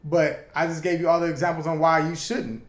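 A man in casual conversation, telling stories in an animated, profane way and laughing often. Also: on the high side, fairly quick, roomy sound. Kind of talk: casual chat, storytelling.

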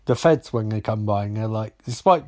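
A man's voice: lowish voice, lively intonation, fairly quick, darkish tone. A young man casually recapping a TV episode, swearing often and rambling through jokey asides.

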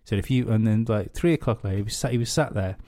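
A man's voice: on the low side, racing, warm tone. A man co-hosting a podcast, telling a rambling story in casual chat, swearing freely and restarting his sentences. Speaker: podcast co-host.

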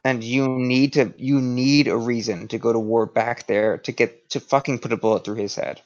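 A man's voice: mid-range voice, flat delivery, moderate pace. A man in a casual podcast chat who rants heatedly and swears constantly. His voice sits in a middling range. The audio is dull and lo-fi. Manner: profane, heated ranting. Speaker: podcast co-host.

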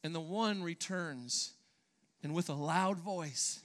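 A man's voice: sits high, takes it slowly, fairly bright tone. A man preaching a sermon in church, earnest and emphatic, sometimes restarting his phrases. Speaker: pastor.

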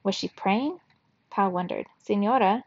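A woman reading a children's novel aloud for a book club, telling the story in a steady, expressive way. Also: medium pitch, moderate pace, creaky, dry recording, highs cut off.

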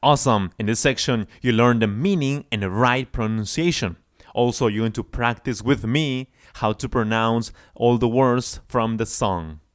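A man teaching English through a song, stretching out example phrases slowly so learners can repeat them. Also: mid-range voice. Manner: slow, drawn-out example phrases for repetition. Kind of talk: song-based English lesson.

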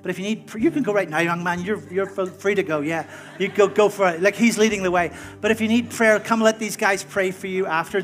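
High-voiced pastor, casual and stammering. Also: male voice, brisk, fairly bright tone, faint music behind. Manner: casual, conversational, frequent stammered restarts. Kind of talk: sermon closing and prayer.

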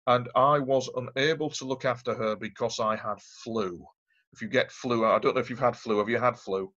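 A man's voice: medium pitch, fairly even intonation, moderate pace, fairly bright tone. A man, a guest telling a long personal story in a rambling, emphatic way, repeating himself. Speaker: interview guest. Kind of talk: casual storytelling. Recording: dull lo-fi audio.

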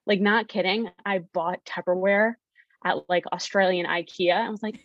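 A woman's voice: mid-range voice, normal speed, no echo, muffled recording. A young woman, a podcast guest, candidly telling her story and acting out her past self in quoted lines.

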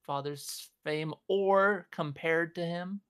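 A man's voice: on the high side, slow, a bit bright, smooth. A man on a podcast making blunt, wry remarks in casual chat.

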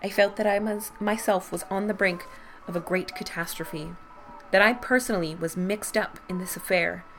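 A woman podcast host reading a Victorian ghost story aloud with measured storytelling. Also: medium pitch, fairly bright tone, soft background music.

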